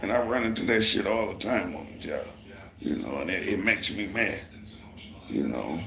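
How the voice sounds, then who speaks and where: Deep-voiced man, profane and heated. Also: expressive, moderate pace, creaky, sharp tone. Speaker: construction worker and livestreamer. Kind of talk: casual storytelling on a live stream. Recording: roomy echo.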